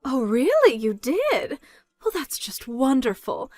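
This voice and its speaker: A woman's voice: fairly high pitch, sing-song, moderate pace, dry recording, soft background music. A woman voicing a controlling, scornful middle-aged mother, nagging and incredulous in a scripted story dub.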